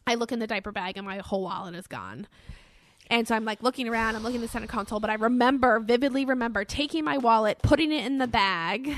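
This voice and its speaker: A woman's voice: fairly high pitch, fast talker, dry recording. A woman, co-hosting a podcast, telling a long story with many likes and ums. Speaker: podcast co-host. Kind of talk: casual chat.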